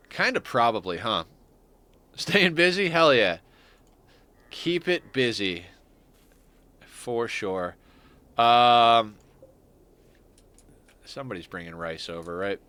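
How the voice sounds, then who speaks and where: A man's voice: mid-range voice, lively intonation, takes it slowly, long pauses, sharp tone. A man streaming a game, chatting casually in a rambling, profane way and laughing often. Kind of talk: casual gaming stream chat.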